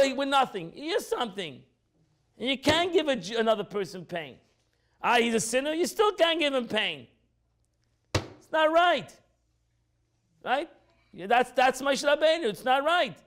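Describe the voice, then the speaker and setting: High-pitched, animated rabbi teaching a class. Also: male voice. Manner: acts out quoted speech with pitch jumps, repeats phrases.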